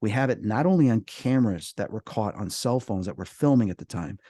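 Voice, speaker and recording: A middle-aged man, a paranormal investigator, talking as a podcast guest in a casual storytelling way, animated and lively. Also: on the low side, brisk, husky, no room sound. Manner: animated, acts out quoted voices.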